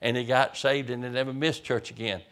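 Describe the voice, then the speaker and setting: A man's voice: mid-range voice, fairly even intonation, brisk, a bit bright. A man, a pastor, preaching a sermon as vivid storytelling, often stammering over the first words of a sentence.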